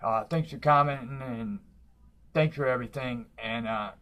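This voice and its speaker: A middle-aged man who does stand-up, talking straight to his camera in a loose, meandering vlog. He swears freely and leans on fillers like "like" and "uh" as he tells his stories, in a voice of ordinary pitch. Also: normal speed, a bit bright, smooth. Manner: profane, rambling, lots of fillers. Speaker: stand-up comic and vlogger. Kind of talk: casual storytelling vlog.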